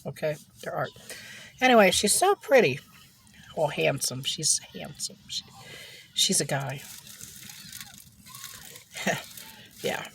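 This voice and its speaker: A woman's voice: deep voice, big pitch swings, slow, creaky, pauses often, slight background noise. A woman vlogging while she eats, telling rambling gossipy stories in casual chat from inside a car. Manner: chatty gossipy storytelling, frequent laughs. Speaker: mukbang vlogger.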